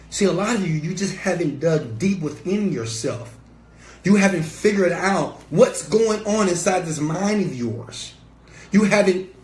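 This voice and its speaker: A man's voice: a little high, darkish tone. A man giving a passionate, preachy motivational talk to camera as an entrepreneur and mentor, emphatic and sometimes swearing. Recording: echoey room with faint ambient noise.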